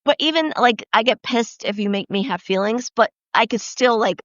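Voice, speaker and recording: Female co-host, higher voice, blunt and sweary, hesitant restarts, dull recording. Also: normal speed, dry recording. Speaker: podcast co-host. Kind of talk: casual chat.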